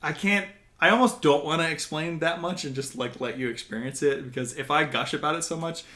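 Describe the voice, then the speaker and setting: A man's voice: a little high, fairly quick, bright, forceful tone. A young man co-hosting a casual podcast chat, gushing about a film and laughing often. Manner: gushing, laughs often, talks over others. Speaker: podcast co-host.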